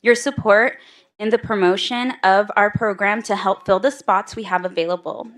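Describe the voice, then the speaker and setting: A woman's voice: mid-range voice, fairly even intonation, normal speed, a bit bright. A mother giving an emotional prepared public comment at a school board meeting, close to tears.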